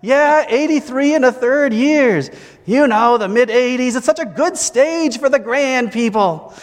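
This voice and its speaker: A man's voice: extremely high pitch, a little slow, long reverb tail, pitched above the performer's own voice. A pastor doing a mocking comic impression of a whiny man gushing over a newborn, in a nasal, exaggerated voice.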